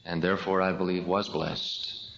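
Man, sermon, deliberate storytelling, low voice, roomy echo. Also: flat delivery, creaky, fairly bright tone, slight background noise. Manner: slow, deliberate storytelling with dramatic pauses. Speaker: religious speaker. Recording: echoey hall, dull lo-fi sound.

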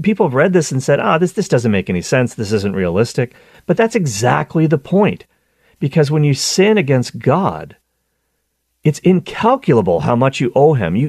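Lively low-voiced man teaching scripture. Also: dry recording, clean studio sound. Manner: conversational, animated, with frequent restarts. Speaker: Catholic teacher and show host.

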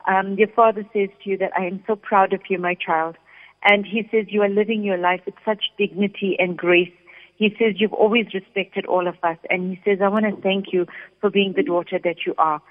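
Steady-toned psychic medium woman, phone-like. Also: mid-range voice, a little fast. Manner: calm, steady, relays messages in first person. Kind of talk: radio psychic reading. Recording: phone-like sound with long reverb.

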